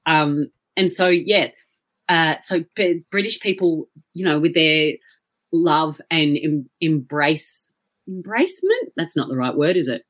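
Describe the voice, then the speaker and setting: Low-voiced Australian woman chatting. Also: lively intonation, measured pace, a bit bright. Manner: chatty storyteller with frequent fillers and restarts. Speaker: guest. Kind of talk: casual podcast chat. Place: at home.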